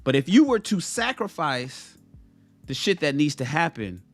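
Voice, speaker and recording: A man talks straight to his audience in a loose, storytelling monologue, his pitch swinging up and down with lively expression. He often restarts and repeats phrases as he goes. Faint music plays underneath. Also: normal speed, dry recording. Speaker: motivational vlogger. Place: home in Los Angeles.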